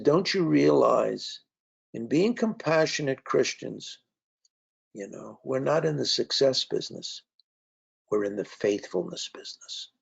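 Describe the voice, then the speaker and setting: A male author gives a conversational storytelling talk, telling anecdotes with frequent fillers. His slightly high voice is creaky and a bit rough, captured in a dull lo-fi recording.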